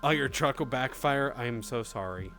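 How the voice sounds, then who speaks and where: Casual male streamer, mid-range voice, loose and profane, quiet music underneath. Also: medium pitch, moderate pace. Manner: chatty, swears freely, reads chat aloud. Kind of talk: casual live-stream chat.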